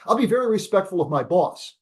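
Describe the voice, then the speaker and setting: An energetic man in his seventies with a notably high voice teaches over a video call. He stresses key words, repeats them, and poses rhetorical questions to his listeners in a professor's lecturing style. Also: fast, slightly rough. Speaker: business school professor.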